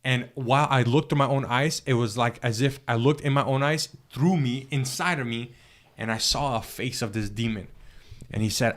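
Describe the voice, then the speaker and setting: Earnest man telling his story haltingly. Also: medium pitch, a bit bright. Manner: earnest, halting storytelling with many restarts and fillers. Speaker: guest telling his testimony. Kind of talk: personal spiritual testimony in an interview.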